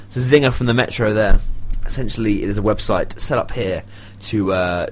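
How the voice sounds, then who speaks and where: A man's voice: lowish voice, fairly quick, few pauses. A man hosting a casual radio show, chatty and laughing often, with rambling asides. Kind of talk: casual student radio chat.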